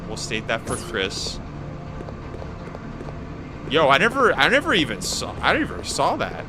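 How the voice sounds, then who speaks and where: A man in his thirties doing casual live gaming commentary as a streamer. He is excitable and slangy and often restarts his sentences. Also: medium pitch, unhurried. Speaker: game streamer. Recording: steady background noise.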